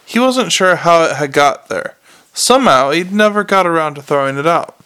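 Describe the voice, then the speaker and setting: A man's voice: a little high, lively intonation, normal speed, sharp tone, clear, resonant tone. A man narrating a novel aloud in a plain, unpolished reading with frequent restarts. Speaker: audiobook reader.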